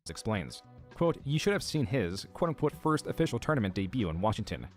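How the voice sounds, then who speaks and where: A man narrating a commentary video in a measured, scripted read, quoting posts. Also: fairly low pitch, big pitch swings, soft background music. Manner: measured, reads out quotes.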